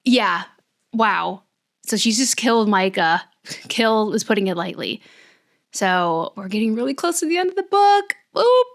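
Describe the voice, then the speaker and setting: A woman's voice: mid-range voice, expressive, unhurried, creaky, pauses often. A young woman vlogging about a novel she is reading, talking casually and rambling with lots of fillers and restarts. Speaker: book vlogger. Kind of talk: casual chat.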